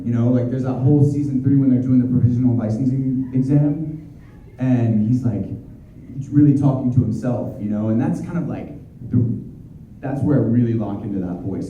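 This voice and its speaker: A man, a voice actor, answering fan questions at a convention in an excitable, energetic, chatty way. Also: medium pitch. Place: convention hall. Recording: dull, distant, very echoey hall.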